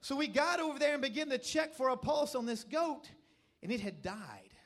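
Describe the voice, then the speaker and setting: Tennessee preacher guy, middle-aged, real high bright voice, emphatic revival preaching in church. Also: expressive, moderate pace. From Middle Tennessee, USA. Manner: emphatic, storytelling preacher who builds to shouted calls. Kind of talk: revival sermon. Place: church service.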